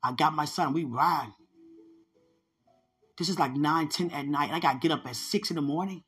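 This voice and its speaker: A woman's voice: low-pitched, normal speed, a bit bright, breathy edge, faint music behind. A woman hosting a podcast, telling her personal testimony in an earnest, conversational way and speaking straight to her listeners. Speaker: podcast host sharing a testimony.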